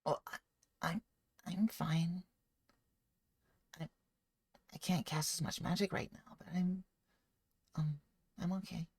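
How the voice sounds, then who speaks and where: Low, husky, hesitant woman. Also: fairly even intonation. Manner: soft, halting, hesitant. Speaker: player. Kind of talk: casual tabletop game chat.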